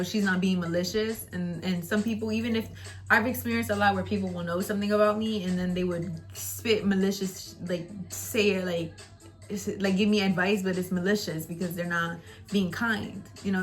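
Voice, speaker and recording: A young woman casually chatting to camera in a vlog, candid and rambling, swearing freely and often laughing. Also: on the low side. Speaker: vlogger. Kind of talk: casual storytime chat.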